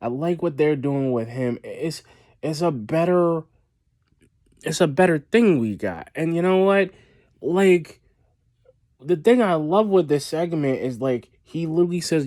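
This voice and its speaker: A man's voice: on the high side, moderate pace, darkish tone. Rambling man reviewing wrestling. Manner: rambling, repeats himself, many fillers and restarts. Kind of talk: casual solo review vlog.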